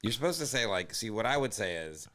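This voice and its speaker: Comedian guy on a podcast, lowish voice, sarcastic, keeps pushing back. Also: very animated, a bit bright. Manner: sarcastic, quick to object. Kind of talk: casual podcast banter.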